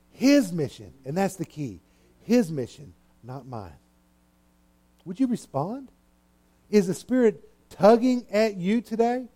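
A man's voice: sits high, warm tone. A middle-aged male pastor preaching a sermon, earnest and emphatic, repeating his points.

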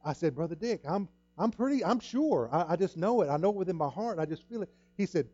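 A man's voice: sits high, expressive, quick pace, few pauses, dark tone, no room sound, highs cut off. A middle-aged male pastor preaching a sermon, telling a personal story with earnest repetition and acting out the voices in it. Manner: earnest storytelling, repeats himself, acts out quoted dialogue.

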